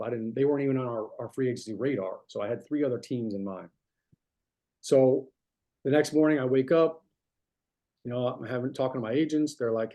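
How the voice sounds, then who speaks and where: Speaking a little fast in a warm, mid-range voice, this guest speaker from New Jersey is middle-aged and tells stories in a chatty way. His anecdotal talk is packed with fillers and restarts.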